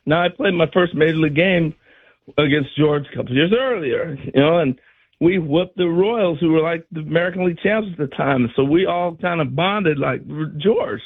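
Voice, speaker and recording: An older man and former ballplayer telling animated stories on a sports radio show, acting out what others said. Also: on the high side, moderate pace, slightly rough, narrow, tinny audio. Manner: animated storyteller acting out quotes. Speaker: former player turned radio analyst.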